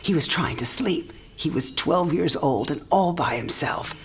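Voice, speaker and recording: An actress voices a dying old woman in a game cinematic, speaking frankly and shifting between teasing and tenderness. The older character's voice is deep, animated and unhurried.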